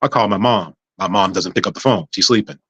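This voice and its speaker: A man's voice: deep voice, brisk, husky, no room sound, highs cut off. A man speaking as a guest on a podcast, telling a personal story casually and acting out what other people said. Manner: animated, acts out other people's words.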